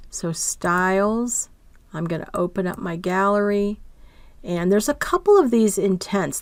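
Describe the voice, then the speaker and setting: A woman with a lowish voice walks through a software lesson step by step at an unhurried pace. She narrates each click and keeps checking in with the listener. Her voice sounds close and dry, with no room around it. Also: dry recording. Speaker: instructor.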